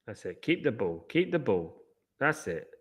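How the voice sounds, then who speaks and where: A man's voice: mid-range voice, big pitch swings, moderate pace. A man hosting a live football watchalong, chatting casually and drifting off on tangents. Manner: rambling, chatty, goes off on tangents. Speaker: watchalong host.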